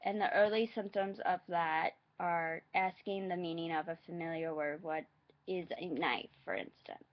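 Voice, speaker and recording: A woman vlogger reading facts aloud in a halting, hesitant way, adding her own asides. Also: lowish voice, fairly even intonation, dull audio.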